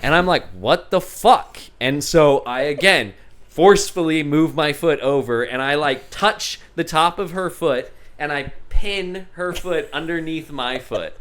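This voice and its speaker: A young man hosting a podcast, telling an animated story in casual chat, swearing freely and often breaking into laughter. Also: fairly high pitch, unhurried. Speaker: podcast host.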